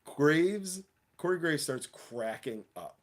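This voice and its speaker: A man hosting a casual wrestling livestream, talking excitedly in slangy chat and laughing often. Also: on the high side, slow. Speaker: wrestling show host.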